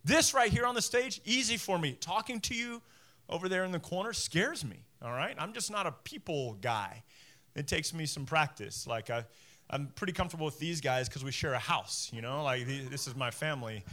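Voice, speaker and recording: A man in his forties preaching a sermon from a church stage, animated and self-deprecating, acting out voices as he goes. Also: fairly high pitch, normal speed. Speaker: pastor. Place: church stage before a congregation.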